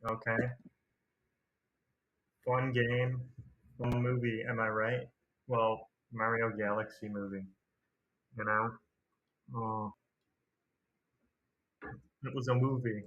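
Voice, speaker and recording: A man's voice: mid-range voice, flat delivery, a little slow, pauses often, fairly bright tone, a little hiss or hum. A man hosting a casual movie review video, rambling and slangy with a sarcastic streak. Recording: dull lo-fi recording.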